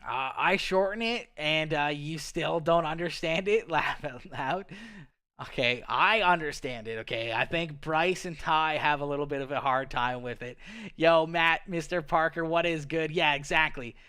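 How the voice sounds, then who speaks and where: A man's voice: fairly high pitch, normal speed, sharp tone, clean tone. A Canadian man with a Canadian accent, hosting a casual livestream chat in a playful manner, tacking "okay" onto his lines and laughing often. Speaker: livestream host. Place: home streaming setup.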